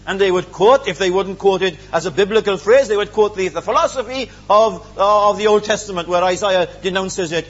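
A man's voice: sits high, brisk, few pauses, a bit bright, muffled recording. A man preaching a sermon, earnest and emphatic, with many rhetorical questions.

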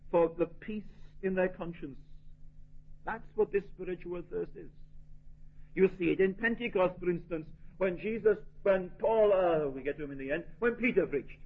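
A man's voice: high-pitched, husky. A man preaching a sermon in an earnest, emphatic way, asking rhetorical questions. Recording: tinny phone-like lo-fi recording.

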